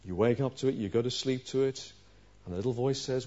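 A man preaching a sermon, pressing his listeners with rhetorical questions and moving between forceful, raised lines and quiet, low ones. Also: brisk. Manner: earnest preaching with rhetorical questions, swinging from loud to hushed. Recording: dull lo-fi recording.

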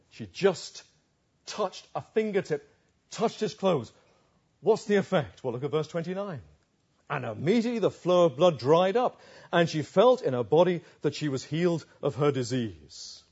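A man preaches with expressive, slow delivery and a slightly raised, breathy voice. He drops to hushed lows for emphasis. The recording is dull and lo-fi. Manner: expressive, with dramatic pauses and soft, hushed lows. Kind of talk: expository sermon.

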